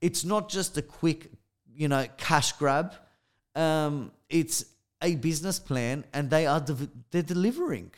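A man's voice: on the high side, lively intonation, a little slow. A man with an Australian accent co-hosting a casual podcast, talking emphatically and often addressing listeners directly. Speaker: podcast co-host.

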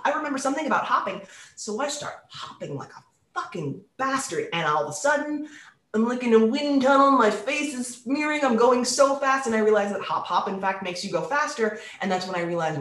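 A woman telling a comic story in a casual, animated way, swearing freely and acting out the voices of people she quotes. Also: on the high side, a little fast. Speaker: storyteller on a podcast. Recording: roomy echo.

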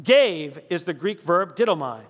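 A man preaching a sermon, asking rhetorical questions one after another and slowing down to stress key words. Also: sits high, animated, a bit bright, big-room sound. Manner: dramatic, rhetorical questions, slows for emphasis.

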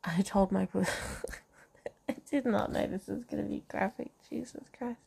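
A woman's voice: on the low side, moderate pace, gravelly, warm tone, breathy edge. A woman reading a novel aloud in a casual way, with asides and comments on the text. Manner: reads dialogue and narration, breaks off to comment and laugh. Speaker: reader of a novel.

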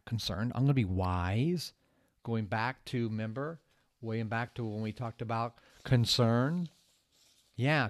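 A man in the middle of his vocal range gives a motivational podcast talk. He tells stories with a lot of energy, repeats phrases for emphasis and drops to hushed asides. The sound is dry and close, with no room echo. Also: mid-range voice. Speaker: podcast host.

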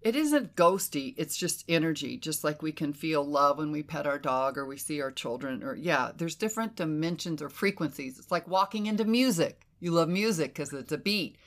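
A woman hosting a casual conversation, animated and emphatic, who swears freely and slips into quoted inner voices. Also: sits low, moderate pace, hardly any pauses. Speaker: podcast host.

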